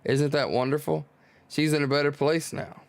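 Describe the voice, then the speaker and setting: A man reading the lines of a gentle, grieving father comforting his son in a manga, in his own voice. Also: a little high, steady tone, normal speed, gravelly. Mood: tender.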